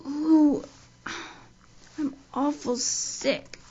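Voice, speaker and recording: A woman's voice: high-pitched, steady tone, mellow, slight background noise, pitched above the performer's own voice. A woman doing a dazed sick girl. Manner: slow, thick, dazed speech. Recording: dull lo-fi audio.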